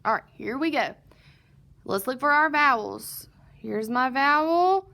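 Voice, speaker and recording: Speaking in a high, bright, forceful voice with lively intonation and vocal fry, a woman leads a recorded phonics lesson for first graders. She sounds out word parts slowly and patiently, posing questions and answering them herself.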